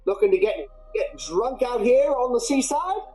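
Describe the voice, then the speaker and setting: A woman's voice: fairly high pitch, expressive, normal speed, dark tone, echoey room, voice pushed up, lightly acted, low-quality recording. A man voicing a brash, tattooed, one-eyed halfling barmaid with a Cockney accent, chirpy and sing-song.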